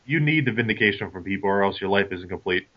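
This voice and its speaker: A man's voice: lowish voice, expressive, fast, dull audio. A man co-hosting a casual sports podcast, teasing the others and steering the talk. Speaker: podcast co-host and moderator. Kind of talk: casual chat.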